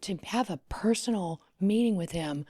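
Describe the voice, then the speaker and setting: A husky-voiced wedding planner from Louisiana, USA, tells a lively story as a podcast guest in conversation. Her mid-range voice moves at normal speed, and she's expressive, often dropping to a whisper or rising excitedly.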